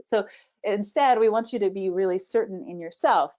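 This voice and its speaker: A woman public speaking coach answers questions in a live webinar, speaking with confidence and animation. Her pitch sits mid-range, and the video-call audio sounds a little dull. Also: normal speed. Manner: confident, animated, demonstrates intonation.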